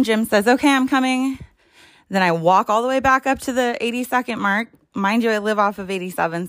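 A young woman telling a frustrating story at home in a casual, profane, exasperated way while she hunts for her clothes. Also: on the high side. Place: at home, moving around looking for things.

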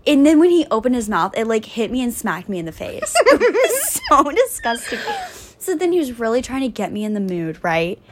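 Animated young woman with a high voice. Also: fast talker, few pauses, slight background noise. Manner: animated, laughing, full of "like" and "dude". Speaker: podcast guest. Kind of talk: casual storytelling.

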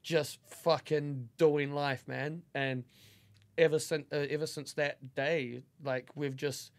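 A New man chatting as a podcast guest, his voice sitting a little higher than most men's. He rambles with feeling, swears freely and pads his talk with fillers. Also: level tone, slow. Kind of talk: casual podcast chat.

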